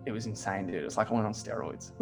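A man's voice: on the low side, vocal fry. A young man talking in an easy, casual chat. He tells his stories animatedly, leans on "like" constantly and swears freely. Faint music sits under his voice. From Australia. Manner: swears a lot, heavy use of "like", animated storytelling.

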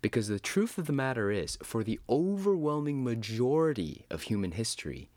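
A man's voice: mid-range voice, sing-song, normal speed, darkish tone, no room sound. A man giving scripted commentary in an emphatic, preachy and sarcastic way. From United States. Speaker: Christian commentator.

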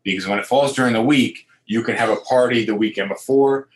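A man's voice: mid-range voice, brisk. A man co-hosting a casual chat, telling stories with crude jokes and repeated words.

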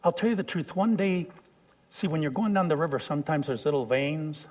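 A man preaching a sermon, telling a personal story and swinging from hushed lines to loud shouts. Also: a little high, lively intonation, brisk.

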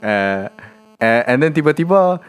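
A man's voice: medium pitch, sing-song, normal speed, smooth. A man with a Malaysian English accent chatting casually as a guest, hesitant and slipping Malay words into his English. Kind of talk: casual chat.

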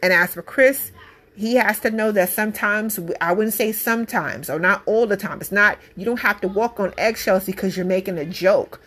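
A woman's voice: medium pitch, moderate pace, fairly bright tone. Mom ranting her take straight to camera, blunt and fired up, says things over and over to hammer it home. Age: adult parent. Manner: emphatic, repetitive, blunt and passionate. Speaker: commentator giving her opinion. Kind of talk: casual opinion monologue.

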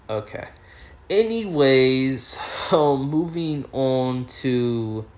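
A young man talks through celebrity headlines at an unhurried, dragging pace. His voice sounds worn and slightly hoarse. He rambles, stumbles over words and often circles back to rephrase himself. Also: medium pitch. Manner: rambling, stammering, self-correcting. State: voice going hoarse. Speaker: host reading celebrity news. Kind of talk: casual news commentary.

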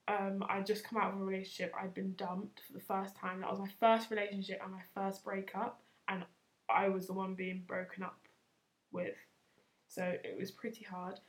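A woman in her twenties hosting a podcast, telling a story in a chatty, self-mocking way and laughing often. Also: mid-range voice. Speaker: podcast host. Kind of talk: casual storytelling.

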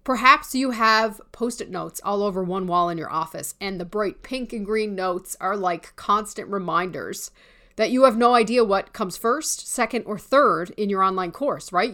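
A woman's voice: medium pitch, a bit bright. A woman coach giving a candid, informal talk on building an online course, with casual swearing and teasing asides. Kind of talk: promotional talk on course creation.

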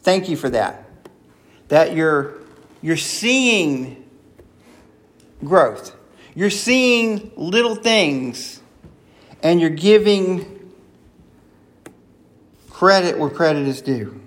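A man with a notably high voice delivers an earnest sermon. He keeps it conversational and slips into sample prayers as if talking straight to God. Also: expressive, extremely slow, pauses often, fairly bright tone. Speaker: preacher.

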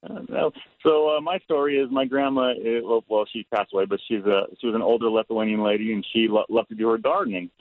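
A man's voice: on the low side, quick pace, hardly any pauses, no echo. A man phones in to tell a family story, and he races through it and keeps stumbling over his own words. His voice comes through a thin, tinny phone line with no room sound at all. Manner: rambling, full of restarts. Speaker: caller.

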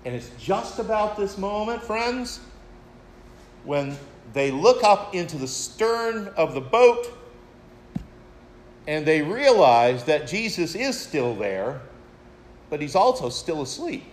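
Man, pastor, sermon, unhurried delivery, slightly high voice, reflective storytelling. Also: sing-song, slight background noise. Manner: reflective storytelling, addresses listeners as friends.

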